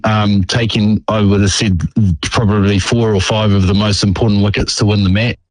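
A man's voice: lowish voice, level tone, moderate pace, no room sound, low-quality recording. A middle-aged man with a New Zealand accent, a former cricketer being interviewed, talking with many ums and restarts. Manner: hesitant, lots of ums and restarts.

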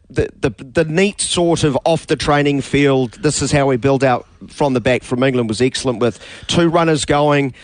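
Halting male sports radio host. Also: mid-range voice, no echo. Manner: halting, many fillers and restarts. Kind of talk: casual sports talk.

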